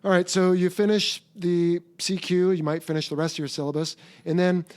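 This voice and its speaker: A man with a somewhat high voice hosts a casual podcast interview. He chimes in with brief affirmations and easy follow-up questions. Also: level tone, a little fast, a little mellow. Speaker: podcast host.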